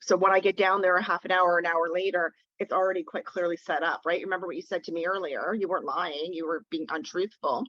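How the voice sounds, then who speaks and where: A woman's voice: lowish voice, fairly even intonation, quick pace, hardly any pauses, fairly bright tone, dry recording. A woman defence lawyer teaching in a webinar, talking in a direct, conversational way and leaning on key words, heard through a phone. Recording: dull lo-fi phone audio.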